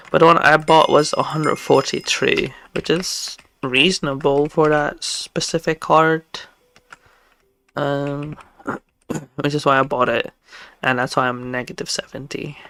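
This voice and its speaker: Slow, halting streamer with a gravelly voice. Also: mid-range voice, a bit bright. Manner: halting, stammering, full of restarts and fillers. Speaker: game streamer. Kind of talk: casual chat while live-streaming a game.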